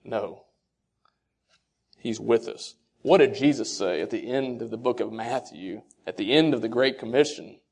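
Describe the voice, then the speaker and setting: Animated man preaching to fathers. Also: medium pitch, normal speed, gravelly, hardly any pauses, husky. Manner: rhetorical questions, quotes scripture. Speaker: speaker addressing fathers. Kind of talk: sermon-style talk.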